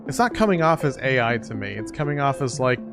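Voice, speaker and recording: A man playing a game on stream, chatting casually with his co-host in a relaxed, offhand way. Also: medium pitch, quick pace, vocal fry, over music. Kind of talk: casual chat while gaming.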